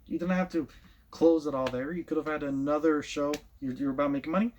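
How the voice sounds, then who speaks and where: A man's voice: a little high, fairly even intonation, quick pace, darkish tone, a little hiss or hum. A man giving a casual opinion rant as a show host, blunt and repetitive, often restarting his sentences.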